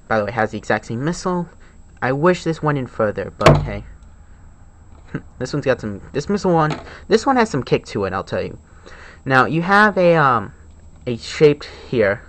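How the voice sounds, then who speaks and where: A man of average pitch talks through a toy review in a relaxed, rambling way, full of fillers. He sounds eager about what he is showing. He is recorded at home by a camera on a tripod. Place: home room with desk.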